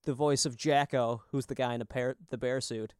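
Man, podcast co-host, casual chat, profane rambling, smooth resonant voice, dry sound. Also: mid-range voice, fairly even intonation, moderate pace, no echo. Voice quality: swears often, rambling storyteller. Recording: lo-fi podcast audio.

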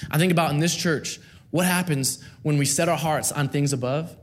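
Male preacher, high voice, earnest sermon delivery with rhythmic repeated phrases. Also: moderate pace, a little hiss or hum. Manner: earnest, rhythmic repetition with rising emphasis.

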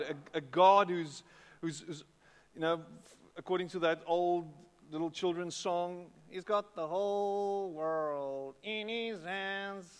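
A man with a South African English accent preaching a sermon, chatting with the congregation and often repeating words. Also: high-pitched. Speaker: pastor. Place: church hall with long reverb. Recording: echoey hall.

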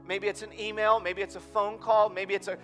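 A man's voice: high-pitched, level tone, fairly quick, sharp tone, faint music behind. A man in his thirties preaching a sermon in a church, earnest and storytelling, building to emphatic appeals. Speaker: pastor. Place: church auditorium.

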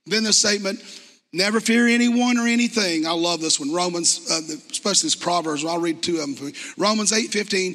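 A man's voice: high-pitched, a little fast, sharp tone, in a large hall. A man giving an earnest, conversational testimony in a church, reading scripture aloud. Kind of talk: sermon testimony. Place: church hall.

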